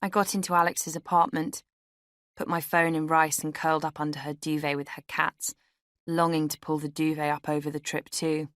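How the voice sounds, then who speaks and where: A woman's voice: deep voice, flat delivery, normal speed, fairly bright tone, no room sound, clean studio sound. A young woman reading her own memoir aloud in a wry, candid storytelling manner. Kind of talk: audiobook memoir narration. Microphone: studio microphone.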